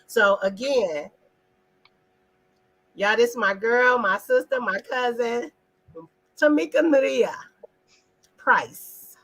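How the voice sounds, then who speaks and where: A woman with a husky, bright voice pitched a little high hosts a casual live talk. She speaks emphatically and preaches a little, throwing questions at her listeners and calling out to the viewers in the chat. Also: expressive, slow, pauses often, low-quality recording. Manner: talks directly to viewers in the chat. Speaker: host of an online live talk.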